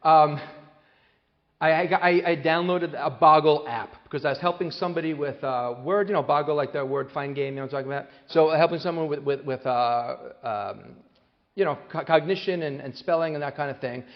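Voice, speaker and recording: A man giving a parenting talk to an audience, telling lively stories and acting out the voices of the people in them, with many restarts. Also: a little high, fairly quick. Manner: animated storyteller, acts out quoted voices, many restarts. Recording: long hall reverb, dull lo-fi sound.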